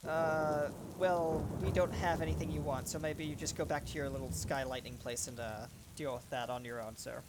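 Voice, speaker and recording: A man voicing a nervous, sarcastic ship captain who speaks loudly and flustered, with rain heard behind. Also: fairly high pitch, steady tone, normal speed, few pauses, very noisy, natural voice.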